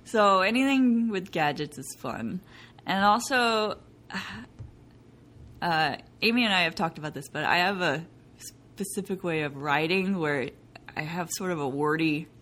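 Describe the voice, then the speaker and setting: A young adult woman playwright talking casually in an interview, animated and laughing often as she acts out what people said. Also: lowish voice. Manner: animated, laughing, quotes people in bright voices. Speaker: playwright guest.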